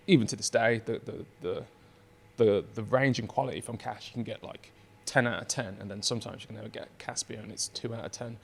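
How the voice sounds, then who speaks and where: A man, a brewery founder chatting as a podcast guest, telling excitable, rambling stories. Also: mid-range voice, quick pace, vocal fry. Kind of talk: casual chat.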